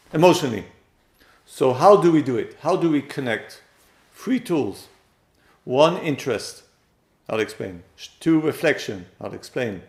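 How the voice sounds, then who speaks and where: Gravelly man teaching in an echoey room. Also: fairly high pitch. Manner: acts out quoted speakers with sudden loud jumps. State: voice a bit strained. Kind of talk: lecture on relationships.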